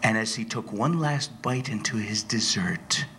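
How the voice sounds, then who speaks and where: A man giving a humorous speech to a club audience, telling a story slowly, with dramatic pauses. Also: on the low side, slight background noise. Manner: slow, animated joke telling with dramatic pauses. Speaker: motivational speaker. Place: club meeting room, before an audience.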